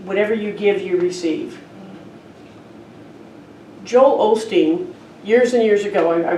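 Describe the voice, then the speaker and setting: A woman's voice: medium pitch, dark tone. A woman minister giving a sermon in a conversational storytelling manner, in a church. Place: church sanctuary. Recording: roomy, distant church hall recording with faint noise.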